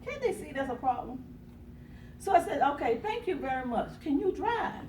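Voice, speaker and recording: In an echoey conference room recorded from a distance, a woman gives a motivational talk, telling a dramatic personal story and acting out quotes with gasps and laughter. Her high-pitched, slightly mellow voice swings widely in pitch at a moderate pace, over slight background noise.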